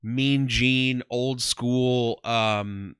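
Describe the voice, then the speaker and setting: A man's voice: medium pitch, fairly even intonation, drawn-out words, fairly bright tone, clean tone, no room sound, studio quality. A man in his thirties, a comedian, talking casually in an interview, rambling with lots of "um" and "like". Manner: rambling, heavy on "um" and "like". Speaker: guest, comedian and former ring announcer.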